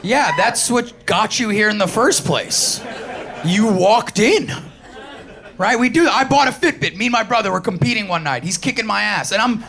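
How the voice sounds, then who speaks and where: Brash New York comic, high voice. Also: male voice, gravelly, sharp tone. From New York City, Queens. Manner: brash, profane, acts out quoted voices. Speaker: stand-up comedian. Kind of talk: stand-up comedy set. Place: live comedy stage. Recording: live show with crowd laughter. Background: audience laughter.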